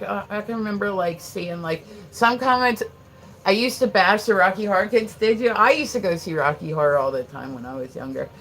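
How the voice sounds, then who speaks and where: A slightly bright, medium-pitched voice comes from a livestreamer in their forties based in Pennsylvania. Chatting at home, they ramble with heavy use of "like," laugh frequently, and swear casually.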